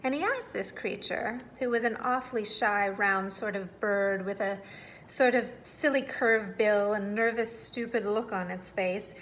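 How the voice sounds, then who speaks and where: Expressive woman reading a bedtime story. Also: mid-range voice, a little slow, slight background noise.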